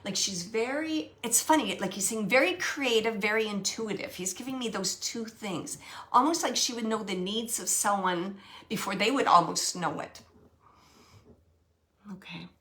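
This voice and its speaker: A woman working as a medium, relaying a spirit's messages in soft, halting phrases that often drop to a whisper. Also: mid-range voice. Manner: repeats phrases and pauses searching for words. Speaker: psychic medium. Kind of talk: channeling a spirit reading.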